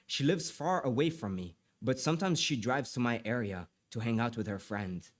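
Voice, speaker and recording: A man's voice: mid-range voice, expressive, normal speed. Stammering young man chatting on a live stream. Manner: apologetic, distracted, repeats himself, stammers. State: stuffy with allergies. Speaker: livestreamer. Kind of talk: casual live stream chat and reading aloud.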